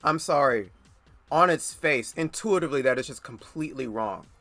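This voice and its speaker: A man's voice: medium pitch, animated, moderate pace, bright, forceful tone, no echo, faint music behind. A man giving blunt, sarcastic reaction commentary, swearing often and stammering into rants. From United States.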